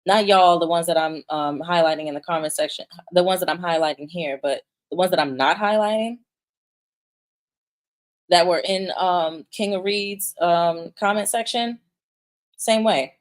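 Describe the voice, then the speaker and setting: A young woman delivers opinionated vlog commentary in a fairly low voice. She is blunt and emphatic, swears freely, and often restarts her sentences as she presses her point. Now and then she reads viewer comments aloud. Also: moderate pace. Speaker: commentary vlogger.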